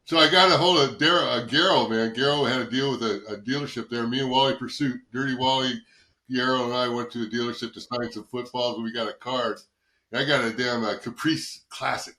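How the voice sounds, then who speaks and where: Bright-voiced man telling rambling stories. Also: mid-range voice, fairly even intonation, fairly quick, reverberant. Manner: rambling anecdotes, swears, acts out quoted voices. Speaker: guest, former football player. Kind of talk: casual storytelling interview.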